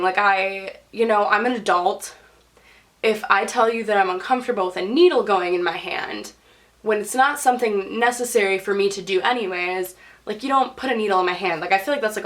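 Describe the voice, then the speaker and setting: A young woman tells a story to camera in a relaxed vlog style, her voice sitting in an ordinary middle pitch. She talks in a chatty stream full of "like" and jumps into a higher voice when she acts out what people said. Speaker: YouTube storyteller.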